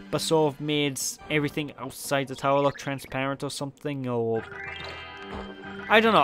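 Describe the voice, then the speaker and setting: A man with a Welsh accent giving casual, rambling, self-mocking commentary while playing a video game. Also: a little high. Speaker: let's play commentator. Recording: game music playing behind. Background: game music.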